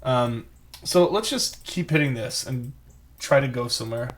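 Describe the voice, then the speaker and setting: A man talking himself through a geography guessing game as he plays. He rambles, thinks out loud and pokes fun at his own cluelessness in a loose, casual flow. His voice sits at a middle pitch for a man. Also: a little slow. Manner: rambling, thinks aloud, self-mocking. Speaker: game streamer. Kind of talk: live gameplay commentary.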